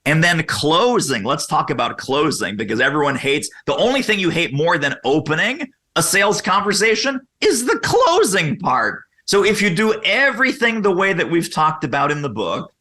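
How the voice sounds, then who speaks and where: A man guest on a podcast interview, explaining sales methods energetically and acting out quoted questions in lively voices. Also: on the high side.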